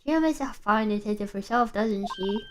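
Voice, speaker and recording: A woman's voice: medium pitch, moderate pace, slight background noise. A woman streamer playing a game, reacting with giggly, chatty remarks and reading dialogue aloud.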